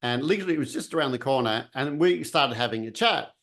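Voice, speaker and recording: A man's voice: mid-range voice, quick pace. A man telling a personal story casually, acting out what people said and the sounds he heard. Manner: animated, acts out voices and sounds.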